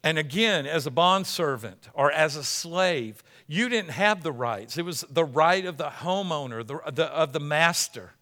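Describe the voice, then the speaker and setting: A man pastor preaching a sermon in a church, animated and emphatic, often repeating himself and restarting phrases. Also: fairly high pitch, unhurried, few pauses.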